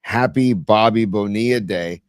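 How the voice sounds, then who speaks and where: A man's voice: on the low side, unhurried, smooth, no echo, studio quality. A man co-hosting a casual sports podcast, chatty and upbeat. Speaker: podcast co-host.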